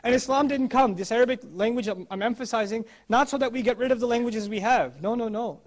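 A man's voice: very high voice, quick pace. A man giving a religious talk, emphatic and repeating his key phrases for weight. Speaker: Islamic speaker.

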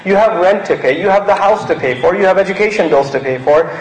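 The rough recording has a roomy sound with a little hiss or hum. Its speaker, a preacher originally from Pakistan, talks fast in a high-sitting voice, delivering his sermon conversationally and staging small mocking scenes to drive his points home.

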